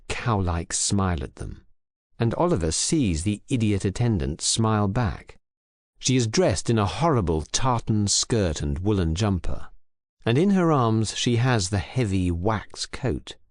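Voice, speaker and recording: A man reading a crime story aloud in clear, measured narration for English learners. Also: lowish voice, big pitch swings, no room sound, clean studio sound. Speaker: audiobook reader.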